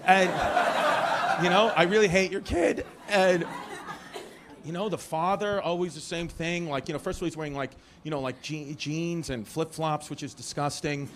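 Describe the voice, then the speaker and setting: A man's voice: fairly high pitch, fairly even intonation, normal speed, noisy background. A man with a New York accent doing brash, teasing stand-up crowd work on a comedy club stage. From Brooklyn, New York. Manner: brash, teasing, rambling asides. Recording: live club recording with crowd laughter. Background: audience laughing.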